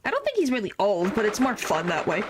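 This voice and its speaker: A woman's voice: medium pitch, huge pitch swings, quick pace, slight background noise. A woman streamer playing through a game, chatting with viewers and giggling between lines. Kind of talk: game playthrough with character voices.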